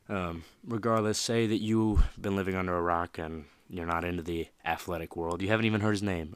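A man's voice: low-pitched, clear, resonant tone, no echo. A man hosting a motivational podcast, talking casually and rambling, addressing the listener directly. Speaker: podcast host.

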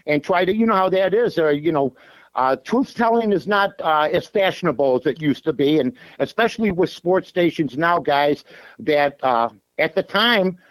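A man's voice: a little high, expressive, normal speed, no echo, poor audio. A man from Chicago, a sports radio host and handicapper, talking bluntly as a guest from his car, with lots of fillers and restarts. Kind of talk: casual sports talk on a call-in show. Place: in a parked car.

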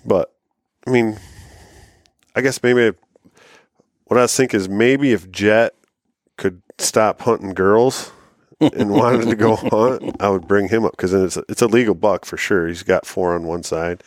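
A man talking about his trail camera in a halting, casual way, full of "like". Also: fairly low pitch, no room sound, studio quality. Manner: halting, filled with "like". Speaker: podcast co-host. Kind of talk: casual chat.

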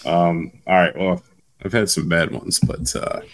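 A man in his thirties casually telling a story on a podcast, swearing freely as he gets animated. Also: deep voice, a little slow, crowd noise.

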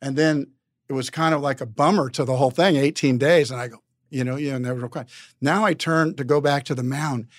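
A man's voice: medium pitch, steady tone, a little fast, no room sound, studio quality. A man talking as a podcast guest, telling a long anecdote in a rambling, stop-start way with lots of repeated words. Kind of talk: casual anecdotal storytelling.

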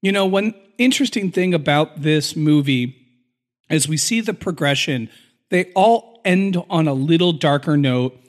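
A man's voice: a little high, lively intonation, measured pace. A man co-hosting a podcast, recapping a film in an earnest, emotional storytelling way. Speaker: podcast co-host.

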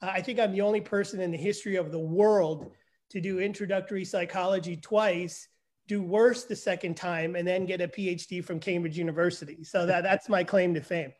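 A man in his fifties from Canada, a forensic psychologist telling his story as a guest in a casual interview, self-deprecating and animated. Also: high-pitched, fairly quick.

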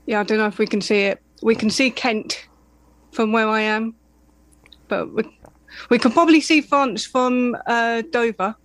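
A guest chats at a middling pitch. They talk hesitantly, with fillers and wry self-deprecation. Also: normal speed, fairly bright tone, no echo, rough recording. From Essex, England. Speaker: guest, painter. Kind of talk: casual conversation.

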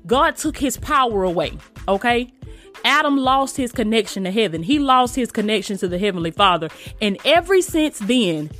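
Casting: woman preacher, higher voice, fervent and colloquial, faint music behind. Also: a bit bright. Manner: emphatic, repetitive, addresses listeners as "you guys"; colloquial, drops into "ain't" and "okay?". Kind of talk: informal online sermon.

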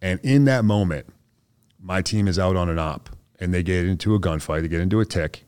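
A man's voice: low voice, a little fast, darkish tone, clean tone, no echo, clean studio sound. A man, a soldier guest on a podcast, telling a story in a laid-back, slangy way and acting out what others said. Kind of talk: casual storytelling interview.

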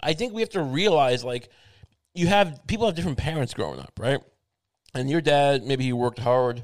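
A man's voice: medium pitch, lively intonation, normal speed, no room sound, clean studio sound. A man hosting his show in a meandering, wry casual monologue, thinking aloud with many restarts. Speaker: show host.

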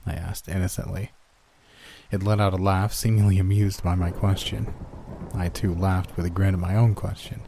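A man narrating a first-person horror story in an even storytelling manner. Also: low-pitched, moderate pace, vocal fry, husky.

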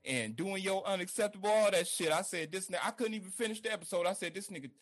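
A man's voice: sits high, quick pace. A man co-hosting a podcast, teasing and profane in casual banter. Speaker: podcast co-host.

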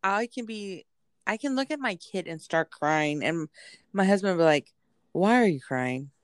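A woman's voice: mid-range voice, normal speed, no echo, studio quality. A woman, chatting casually as a podcast co-host and acting out quotes. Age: 30s. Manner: chatty, animated, acts out quotes. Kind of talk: casual chat.

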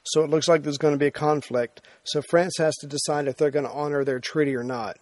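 Higher-voiced man telling history casually. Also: fairly even intonation, quick pace, a little mellow, dry recording. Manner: conversational retelling with fillers and restarts. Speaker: history lecturer. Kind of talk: informal history lecture.

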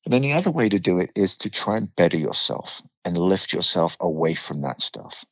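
Very animated and a little fast, a middle-aged British man from the UK tells a blunt, vivid story as a podcast guest, swearing freely. His voice sits low with a fairly bright tone, and the slightly dull, dry recording has no echo.

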